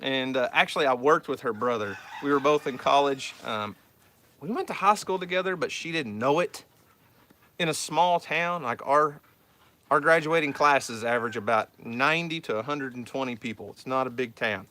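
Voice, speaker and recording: Answering viewer questions, this South Central Oklahoma man who hosts a homestead channel rambles through a story in a casual chat, often repeating words. His mid-range voice has a sharp tone at normal speed, with slight background noise.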